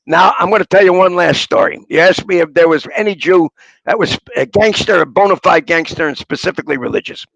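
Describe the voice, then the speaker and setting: A man's voice: high voice, fairly quick, creaky, fairly bright tone, rough recording. An older man, an author being interviewed, telling rambling anecdotes with punchlines. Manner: rambling raconteur, punchline storyteller. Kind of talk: anecdotal storytelling.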